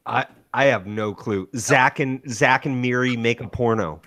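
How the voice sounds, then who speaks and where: A man's voice: medium pitch, measured pace, a bit bright. Plain-spoken man on a podcast panel. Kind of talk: casual panel chat.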